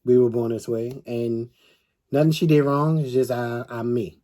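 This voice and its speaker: A middle-aged man co-hosting a storytime chat, telling stories with animated energy and acting out the voices of others. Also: medium pitch, moderate pace. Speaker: co-host.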